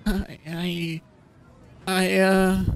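A man's voice: mid-range voice, sing-song, extremely slow, a bit bright, voice pushed up, full character voice. A man voicing an anxious young clawed furry man who stammers and panics, scared of a roller coaster. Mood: nervous.

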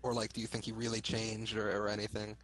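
Flat, low-voiced man teasing dryly. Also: fast, rough recording. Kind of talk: casual chat.

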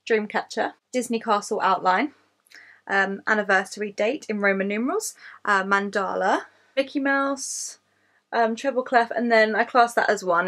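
Her fairly high, fairly bright voice carries an English accent from Kent as she lists things about herself on camera. The YouTuber, in her late twenties, is open, self-deprecating and unbothered about swearing.

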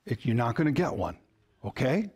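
A man's voice: medium pitch, big pitch swings, normal speed, darkish tone, husky. A man pastor giving a sermon in a conversational, storytelling way, with humor and questions to the congregation.

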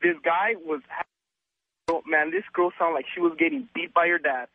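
A young man calling a radio show by phone, excited and full of slang. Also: sits high, normal speed, creaky, no echo. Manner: excited, laid-back surfer slang. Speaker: caller. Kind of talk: phone-in chat. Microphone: telephone. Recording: tinny phone line.

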